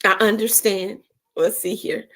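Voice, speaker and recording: A woman's voice: mid-range voice, steady tone, measured pace, pushed and bright. A woman hosting a casual online gathering, reading viewer comments in a playful, teasing way. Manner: playful, teasing, lots of laughs and sighs. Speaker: host of a live online gathering.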